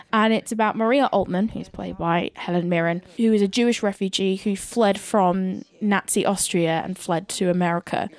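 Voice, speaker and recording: A woman's voice: mid-range voice, a little mellow. A woman hosting a solo film review podcast, chatty and opinionated.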